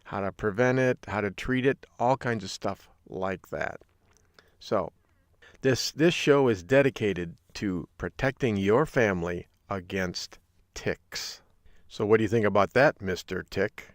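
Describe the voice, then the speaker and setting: A man from Michigan hosts a solo podcast, talking in an upbeat, jokey, folksy way. His voice is lowish and unhurried, captured as clean studio sound with no room sound.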